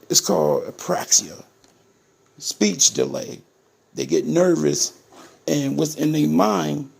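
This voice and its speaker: A man's voice: a little high, gravelly, darkish tone, slightly rough. A middle-aged man from Ohio talking straight to his viewers as "people", emphatic and repetitive, retelling how his family's case was handled. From Ohio, USA. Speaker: parent telling his story to viewers. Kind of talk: casual direct-to-camera monologue.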